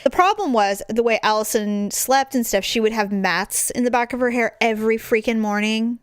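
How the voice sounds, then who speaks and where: A woman in her forties chats casually on a podcast, recorded dry and close to the mic with no room sound. Her voice sits fairly high. She tells family stories with energy and slips into the voices of the people in them. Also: moderate pace, clean tone, dry recording. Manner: animated storytelling, acting out family members. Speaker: podcast co-host. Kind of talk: casual chat.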